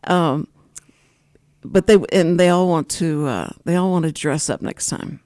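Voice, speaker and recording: A woman's voice: low-pitched, unhurried, a little mellow, no room sound, studio quality. An older woman hosting a radio talk show, chatting casually and laughing often. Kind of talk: casual chat. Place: radio studio.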